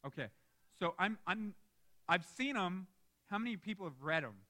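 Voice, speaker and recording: Pastor, young man, high bright voice, emphatic sermon with playful asides to the room. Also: moderate pace. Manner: lively, emphatic preaching with asides to the congregation. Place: church sanctuary.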